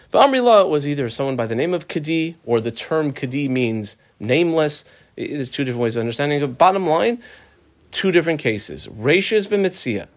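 A man teaching a text line by line, explaining each phrase and briefly acting out the people in the case. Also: mid-range voice. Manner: animated, acts out claimants' voices. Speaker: Talmud teacher. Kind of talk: line-by-line text study lesson.

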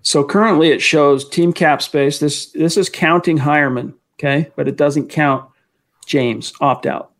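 A man's voice: fairly high pitch, fairly even intonation, measured pace. A man co-hosting a casual sports talk livestream, chatting and reading out fan messages. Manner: chatty, answers fan questions, reads chat aloud. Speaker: podcast co-host.

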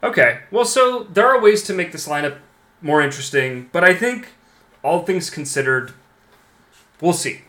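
An easygoing man co-hosting a hockey talk show, his voice a little high. He agrees readily, jokes and chimes in often. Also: lively intonation, normal speed, bright, forceful tone, echoey room. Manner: agreeable, joking, often backchannels. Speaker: podcast co-host.

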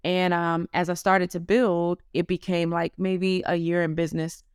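A woman in her thirties, a business owner, being interviewed and telling lively stories in a casual way. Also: lowish voice, normal speed, clear, resonant tone, no echo, studio quality.

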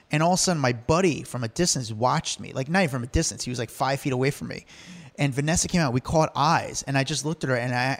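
Gravelly-voiced man telling animated anecdotes. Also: medium pitch. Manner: animated anecdotes, acts out quoted lines, laughs often. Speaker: guest telling stories. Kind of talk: casual storytelling chat.

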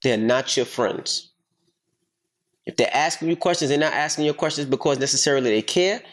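A middle-aged man hosting a casual podcast chat, telling a story in an emphatic, profane, animated way. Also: mid-range voice, a little fast. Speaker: podcast host.

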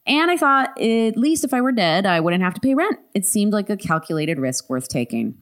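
A woman podcast host reading a listener's story aloud, animated, laughing often with quick asides. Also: mid-range voice.

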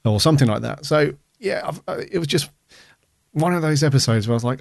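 A man's voice: on the high side, expressive, fast, vocal fry, no echo, studio quality. A man co-hosting a podcast, chatting casually and rambling with lots of fillers. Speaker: podcast co-host. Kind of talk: casual review chat.

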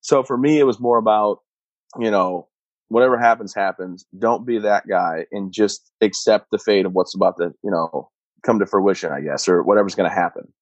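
A man in his thirties, a combat veteran, telling his own story in a steady, matter-of-fact way. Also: fairly low pitch, normal speed, no echo. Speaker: interview guest, combat veteran. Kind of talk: personal storytelling. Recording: dull muffled sound, dry.

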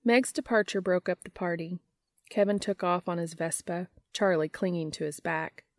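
A woman narrating an audiobook in an even, unhurried manner. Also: on the low side, no echo, clean studio sound. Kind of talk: audiobook reading.

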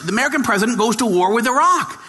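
A man's voice: very high voice, lively intonation, racing, bright, forceful tone, in a large hall, pitched above the performer's own voice, full character voice. A man doing a brash rock-radio DJ. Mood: incredulous. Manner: drawling surfer-style "dude" talk. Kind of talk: impression within a speech.

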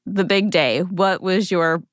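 Woman host, low and smooth, affirming, dry close sound. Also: slow pace, dry recording. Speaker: podcast host. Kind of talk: interview questions.

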